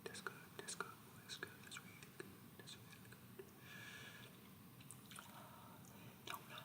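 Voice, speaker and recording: A man's voice: brisk, pushed and bright. Guy putting on a creepy old drill sergeant, mostly whispering, slangy drawl, keeps repeating himself. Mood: menacing. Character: crude menacing old male drill sergeant. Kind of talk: comic skit.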